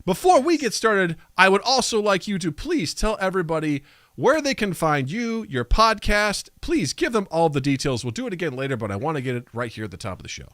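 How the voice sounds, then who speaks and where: A man's voice: high-pitched, big pitch swings, brisk, fairly bright tone, no room sound, clean studio sound. A man hosting a casual podcast, goofy and self-mocking as he talks with guests. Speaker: podcast host.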